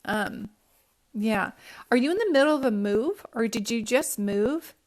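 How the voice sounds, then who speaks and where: A fairly high-voiced woman gives a psychic reading on a live stream, captured on a phone. She talks chattily and emotionally, often close to tears, and keeps asking whether her words make sense to the listeners. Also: animated, unhurried, a little mellow. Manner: emotional, near tears at times. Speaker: psychic medium. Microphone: phone livestream.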